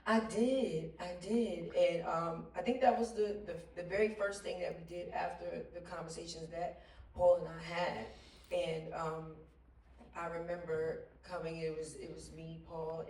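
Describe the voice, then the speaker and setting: A woman on a panel telling a lively, slangy anecdote, laughing often and mimicking others' voices. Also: on the low side. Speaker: actress on a panel. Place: stage at a theater Q&A. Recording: roomy hall, distant mic, faint noise.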